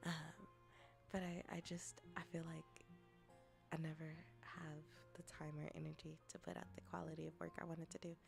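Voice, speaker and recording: A young woman streaming a casual chat as a VTuber and ASMR creator, rambling with restarts and often dropping into soft whispers. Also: low voice, level tone, moderate pace, creaky, music in the background.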